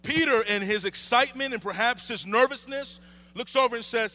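A man's voice: very high voice, moderate pace, bright, forceful tone. A man in his thirties preaching a sermon, building intensity through repeated refrains. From United States. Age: 30s. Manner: impassioned preaching with rising emphasis and repeated refrains. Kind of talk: sermon with opening prayer.

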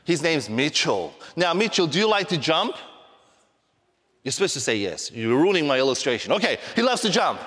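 A male pastor preaching in a church with a high, light voice. He moves between playful asides to the kids and slow, weighty emphasis, and a long reverb hangs in the hall behind him. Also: sing-song, a bit bright, breathy edge. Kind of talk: sermon. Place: church sanctuary.

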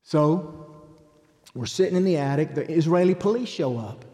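A middle-aged man preaching a testimony, telling his story in an animated way and acting out what people said. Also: a little high, moderate pace, long reverb tail. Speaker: evangelist.

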